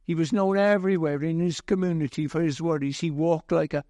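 A man preaching a sermon slowly and deliberately, telling a gentle humorous story along the way. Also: fairly high pitch, fairly even intonation, dry recording, clean studio sound.

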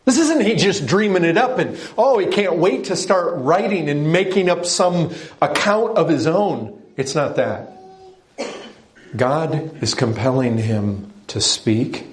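A man's voice: a little high, lively intonation, takes it slowly. A man preaching a sermon, speaking with emphasis and putting direct questions to his listeners. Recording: echoey room.

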